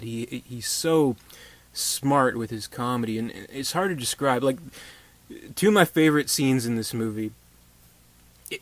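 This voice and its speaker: A man giving a casual movie review, rambling with many fillers and restarts. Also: mid-range voice.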